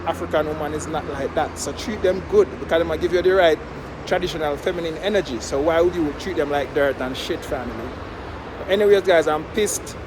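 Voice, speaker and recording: A man's voice: a little high, brisk, roomy sound, background noise. A man from Jamaica with a Jamaican accent, giving heated casual commentary to camera as a vlogger, repeating his stock phrases. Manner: heated, repetitive, keeps saying "you know what I mean" and "family".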